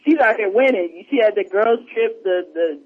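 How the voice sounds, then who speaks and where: A man's voice: moderate pace, husky. A man on a podcast in casual chat, telling stories with lots of energy and acting out what people said. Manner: animated storyteller, acts out quotes in a higher voice. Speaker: podcast co-host. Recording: dull lo-fi sound.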